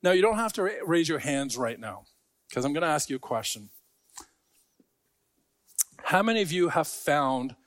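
A man's voice: fairly high pitch, a bit bright, no echo, studio quality. A man preaching a sermon to a congregation, talking in a conversational way with joking asides. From Scarborough. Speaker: pastor.

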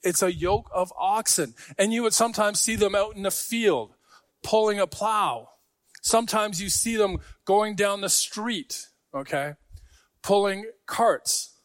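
High-voiced man preaching a sermon. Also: measured pace, no echo, clean studio sound. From Scarborough. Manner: conversational, joking asides to the congregation. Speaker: pastor.

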